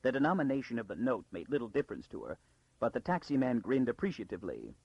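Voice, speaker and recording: A man narrating an audiobook in a dramatic storytelling style with a gravelly, husky voice. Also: medium pitch, sing-song, fast talker, no room sound, dull audio. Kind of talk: scripted narration.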